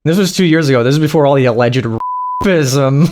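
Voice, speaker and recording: A man's voice: on the high side, quick pace, background noise. A man giving casual, crude, mocking reaction commentary with frequent laughing asides.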